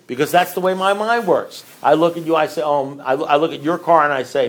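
A middle-aged man speaking at a recovery meeting rambles conversationally to the group, asking his listeners questions. His voice is on the high side, and he talks fast with few pauses.

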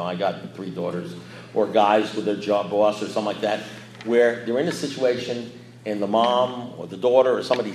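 Rambling man speaking in an echoey room. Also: mid-range voice. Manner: rambling and conversational, many "you know"s; blunt, darkly joking. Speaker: speaker at a recovery meeting. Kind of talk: unscripted recovery talk.

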